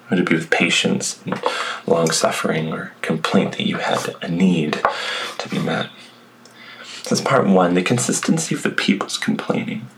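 Low-voiced man preaching a sermon. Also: creaky, a little hiss or hum, poor audio. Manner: reads scripture aloud then reflects, conversational asides. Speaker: pastor.

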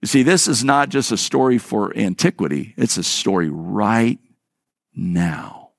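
A man's voice: fairly low pitch, animated, unhurried, gravelly, no echo, studio quality. A male pastor preaching a sermon, telling a story and acting out the voices of the people in it, often repeating words as he restarts a phrase.

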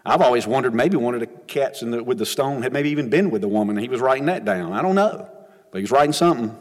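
A man's voice: mid-range voice, animated, fast talker. A man preaching a sermon, retelling a Bible story in an emphatic, conversational way. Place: church sanctuary. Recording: long reverb of a church hall.

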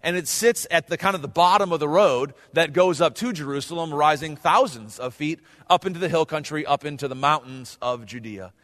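A man's voice: on the high side, fairly quick, few pauses, fairly bright tone. A man preaching a conversational sermon as pastor, speaking directly to his congregation. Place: church hall with congregation. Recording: long hall reverb.

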